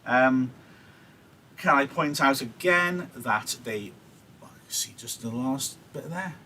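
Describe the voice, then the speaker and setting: A man's voice: medium pitch, takes it slowly, bright, forceful tone, a little hiss or hum, rough recording. A male teacher, giving a chatty live-streamed literature lesson and checking in with "yeah?" asides. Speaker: English teacher.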